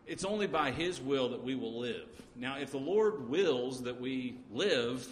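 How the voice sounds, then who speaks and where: A man preaching a sermon, talking in a halting way with frequent pauses and restarts. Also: medium pitch. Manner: halting, many uh fillers and restarts. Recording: echoey hall with faint noise.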